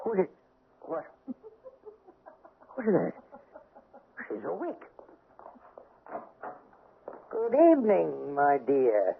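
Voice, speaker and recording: A blustering, suspicious aristocrat husband. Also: male voice, on the high side, big pitch swings, takes it slowly, gravelly, long pauses, slight background noise, exaggerated voice. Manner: theatrical, demanding, sharp questions. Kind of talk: 1970s-80s radio drama acting. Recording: tinny old radio broadcast.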